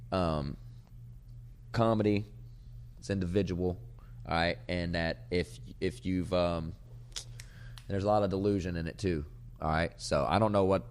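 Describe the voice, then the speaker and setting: A man hosting his own podcast as a comedian, rambling in a profane, casual way and sometimes breaking into loud shouting. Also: sits low, smooth. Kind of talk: casual chat.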